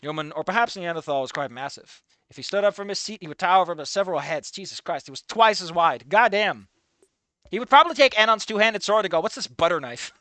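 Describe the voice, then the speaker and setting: A man's voice: high voice, lively intonation, quick pace, pushed and bright, no room sound. A man reading a story aloud casually and commenting on it with sarcastic, swearing asides. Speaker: reader and commentator.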